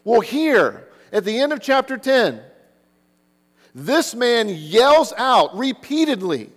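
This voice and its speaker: A man's voice: extremely high pitch, sing-song, slow, in a large hall. A man preaching a sermon, earnest, who keeps asking the listeners rhetorical questions. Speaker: pastor.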